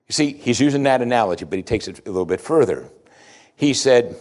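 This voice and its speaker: Animated man preaching a sermon. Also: brisk. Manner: animated, swings from loud emphatic to low and quiet, rhetorical questions; plain-spoken, folksy.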